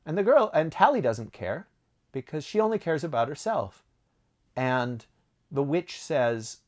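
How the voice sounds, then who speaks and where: A man's voice: fairly high pitch, sing-song, unhurried. A man talking casually about his own writing, rambling, correcting himself and laughing at his stories. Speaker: author answering reader questions. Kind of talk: casual chat.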